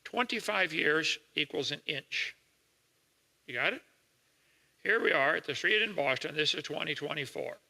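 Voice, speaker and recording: An older man giving a folksy lecture to an audience, explaining slowly with homely examples and checking in with listeners. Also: on the high side, lively intonation, vocal fry, sharp tone. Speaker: creationist lecturer. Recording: reverberant hall recording.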